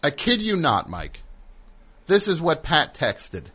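A man's voice: on the high side, slow, slightly rough. Rambling sarcastic male radio host. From New Jersey. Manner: rambling, sarcastic, deadpan storytelling. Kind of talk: comic call-in show monologue.

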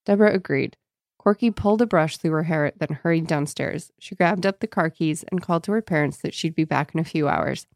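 Woman co-host, deliberate reader, slightly low voice, close dry mic. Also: creaky, darkish tone, no echo. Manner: slow, deliberate reading, jokey asides. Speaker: podcast co-host. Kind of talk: casual chat with book reading.

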